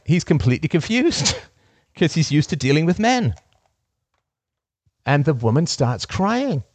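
A man hosting a call-in talk show in a dry, close recording. He speaks emphatically and often repeats his key phrases for weight, sometimes laughing at his own anecdotes. His pitch sits in an ordinary middle range. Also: darkish tone, dry recording. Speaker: podcast host. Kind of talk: call-in conversation.

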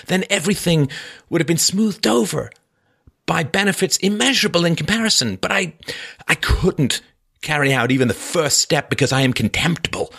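A man's voice: a little high, vocal fry, a bit bright, pitched above the performer's own voice, exaggerated voice. A man voicing an anguished, defiant young male ex-student killer in an impassioned, agitated, self-justifying way. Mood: bitter.

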